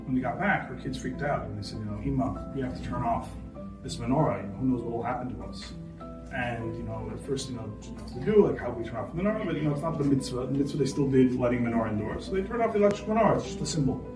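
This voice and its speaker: A man speaks earnestly and quickly, piling up fillers as he tells a story. He sounds far from the mic in a roomy, echoing space. Music plays clearly underneath. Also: medium pitch, expressive. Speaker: speaker at a holiday party. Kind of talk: inspirational speech. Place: party venue. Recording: echoey room from far off, music behind.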